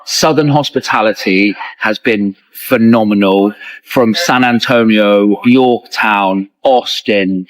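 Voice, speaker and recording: A man's voice: fairly low pitch, fairly bright tone, no room sound, low-quality recording. A man giving an earnest, grateful thank-you message to camera. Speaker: traveller on road trip.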